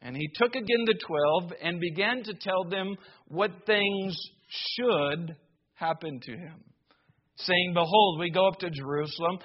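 Slow, high-voiced preacher, muffled sound. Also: male voice. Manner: slow, emphatic preaching with dramatic pauses and rising emphasis. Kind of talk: sermon.

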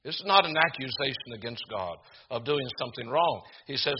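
Older male preacher, earnest halting sermon, muffled lo-fi recording, faint hiss. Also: mid-range voice, lively intonation. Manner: earnest, halting, with many fillers and restarts. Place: room with a congregation.

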